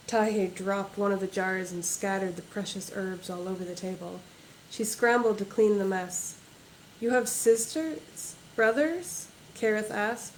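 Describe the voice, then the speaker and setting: A woman's voice: mid-range voice, darkish tone, a little hiss or hum, poor audio. A woman author reading aloud from her own novel at a livestreamed book launch, in a plain reading voice without character voices or accents.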